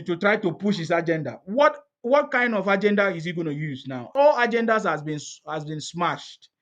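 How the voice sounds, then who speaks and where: A man's voice: sits high, a bit bright. A man with a Nigerian accent in casual political chat, laughing often, repeating himself and asking rhetorical questions.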